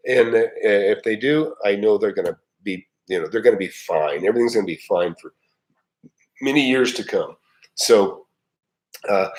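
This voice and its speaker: A man's voice: medium pitch, poor audio. A middle-aged man hosting a casual live chat, talking in a rambling, folksy way with lots of fillers and restarts. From United States. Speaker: live-stream host.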